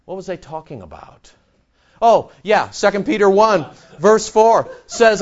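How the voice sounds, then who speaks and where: A man preaching a sermon as pastor, animated and sarcastic, firing rhetorical questions at the congregation. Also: sits high, normal speed, dull audio.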